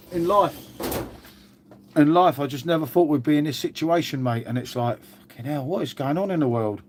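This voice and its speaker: A man's voice: fairly high pitch, a little mellow, slight background noise. A man chatting casually on a live stream, rambling and laid-back, swearing freely and calling everyone mate. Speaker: livestreamer answering chat.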